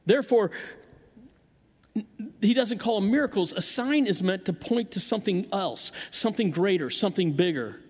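A man with a husky, high-pitched voice delivers a sermon at moderate pace in a church sanctuary that sounds like a large hall. As pastor, he acts out voices in lively stories and keeps restarting and repeating words.

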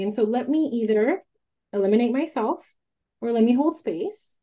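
A woman's voice: fairly high pitch, normal speed. Emphatic, foul-mouthed woman host. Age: adult with a child. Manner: emphatic, swears freely, animated storytelling. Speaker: podcast host. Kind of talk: candid casual chat.

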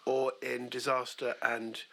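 A man's voice: medium pitch, level tone, measured pace, gravelly, fairly bright tone. A man co-hosting a podcast, needling his partner with dry humour and hesitant restarts. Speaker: podcast co-host. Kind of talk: casual banter.

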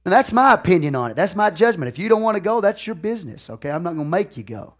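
He's a fast-talking pastor whose fairly high voice carries folksy, conversational stories to his congregation. His volume swings widely, sudden loud outbursts giving way to quiet asides, and he often asks the room whether they follow him.

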